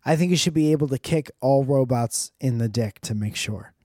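Guy rambling jokes and swearing, mellow dark voice, dry sound. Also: medium pitch, normal speed, no echo. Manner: rambling, profane, joking asides. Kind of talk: casual comedic monologue.

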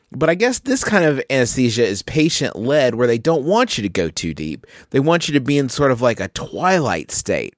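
A man's voice: medium pitch, big pitch swings, moderate pace, hardly any pauses, dry recording, clean studio sound. A man co-hosting a comedy podcast, rambling through a story and laughing mid-sentence. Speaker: podcast co-host.

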